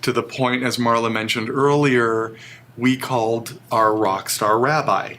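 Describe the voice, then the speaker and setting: A man's voice: medium pitch, steady tone, unhurried, sharp tone. A man as an interview guest, telling a personal story in an earnest, emotional way. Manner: earnest, emotional, vivid retelling.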